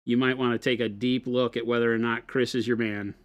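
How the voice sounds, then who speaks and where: Male co-host, mid-pitched, dry and ribbing, casual stream talk. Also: flat delivery, a little fast. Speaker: livestream co-host. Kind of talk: casual live stream banter.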